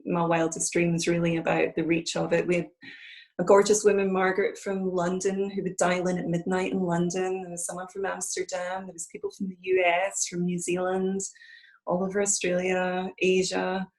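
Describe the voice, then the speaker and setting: Earnest Scottish woman, low-pitched. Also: little pitch movement, normal speed, rough recording. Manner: earnest, reflective, with restarts. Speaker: interview guest. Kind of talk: conversational interview.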